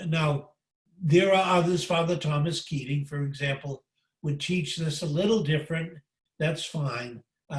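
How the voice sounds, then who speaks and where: Slow, gentle priest teaching prayer. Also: male voice, a little high, recorded from a distance. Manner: gentle, unhurried, reflective, with frequent hesitations. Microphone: video call. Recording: roomy video-call audio.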